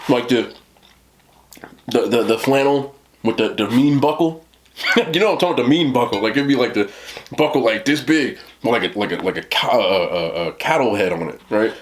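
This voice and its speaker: A man's voice: medium pitch, normal speed, a little hiss or hum. A man in his thirties with a New Jersey accent, telling a rambling story to camera on his eating show and laughing often. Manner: rambling, laughing, lots of "you know what I'm talking about". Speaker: mukbang host.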